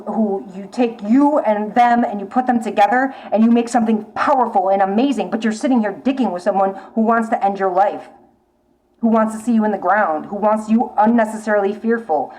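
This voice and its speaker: Delivering a casual tarot reading to a viewer, a female reader talks bluntly and urgently, swears often, and keeps repeating her warnings. She has a medium pitch and darkish tone, and the audio quality is poor.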